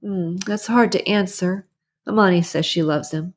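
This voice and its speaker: Fairly low and slightly rough, an audiobook narrator's voice moves at a moderate pace while portraying a talkative, prying middle-aged neighbor. Gossipy and full of strong views, the character comes across as indignant and confiding.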